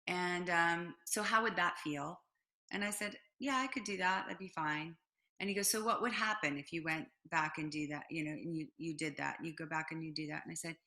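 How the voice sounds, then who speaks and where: A middle-aged woman, a business owner guest in an interview, telling a personal story with lots of fillers and acted-out quotes. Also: low-pitched. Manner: animated storyteller, acts out quotes, frequent fillers.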